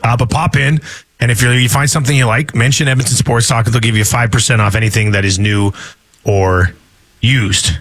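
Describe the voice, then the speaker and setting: A man's voice: mid-range voice, steady tone, brisk, fairly bright tone. A man hosting a radio sports talk show, joking casually and reading ads in an upbeat way. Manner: jokey, laughs easily, upbeat. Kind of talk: casual radio banter and ad reads.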